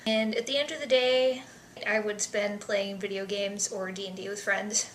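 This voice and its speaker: A woman's voice: medium pitch, fairly even intonation, normal speed, slight background noise. Chatty young woman in an echoey room. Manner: chatty, self-deprecating, drops into soft asides. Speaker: vlogger. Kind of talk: casual vlog answering survey questions.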